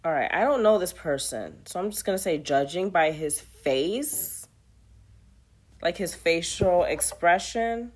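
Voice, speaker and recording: A woman's voice: on the low side, expressive, measured pace. A woman playing a trivia app, reading the questions aloud and muttering casual commentary to herself as she plays.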